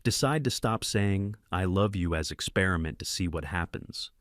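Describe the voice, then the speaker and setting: A man reads a first-person story aloud in short, clipped fragments. His voice sits on the low side. The recording is dry and close, with no room sound. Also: animated, moderate pace, a bit bright, dry recording. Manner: terse, clipped sentence fragments. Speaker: narrator.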